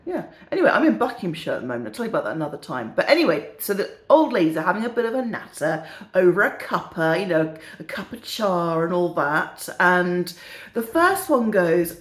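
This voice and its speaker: A woman's voice: on the low side, sing-song, a little fast, reverberant. A middle-aged woman, chatting casually and joking in a rambling, giggly way as a perfume vlogger. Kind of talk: casual chat.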